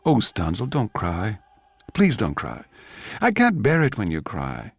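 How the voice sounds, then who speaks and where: A man's voice: fairly low pitch, huge pitch swings, unhurried, gravelly, husky, full character voice. A man voicing a crude, petulant young composer with a foul-mouthed, boastful manner. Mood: contrite.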